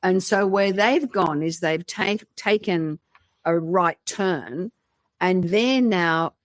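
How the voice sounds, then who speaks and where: A woman's voice: on the low side, takes it slowly. A woman hosting a podcast, chatting casually with dry, joking humor. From Australia. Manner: dry joking, acts out voices in anecdotes. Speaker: podcast host. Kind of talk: casual chat.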